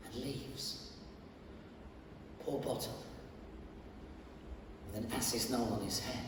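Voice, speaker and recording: A man's voice: medium pitch, fairly even intonation, slow, pauses often, a little hiss or hum. A man performing a comic one-man stage show, narrating with wry, conversational asides. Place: theatre stage. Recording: echoey theatre hall from far off.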